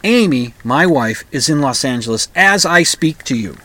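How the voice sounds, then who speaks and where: A middle-aged man from the upper Midwest, hosting his own show in a rambling, halting monologue full of restarts. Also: medium pitch, lively intonation, sharp tone. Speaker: podcast host. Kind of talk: casual monologue.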